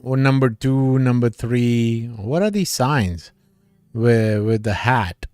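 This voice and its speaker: Slow-talking man chatting with his livestream viewers. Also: medium pitch, darkish tone, clear, resonant tone, no room sound. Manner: chatty, laughs often, reads comments aloud. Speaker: livestream host reading chat. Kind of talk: casual live chat with viewers.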